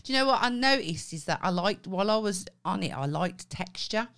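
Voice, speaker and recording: A woman's voice: medium pitch, lively intonation, a little fast, a bit bright. A woman co-hosting a podcast in casual chat, swearing freely, laughing often and acting out what people said. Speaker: podcast co-host.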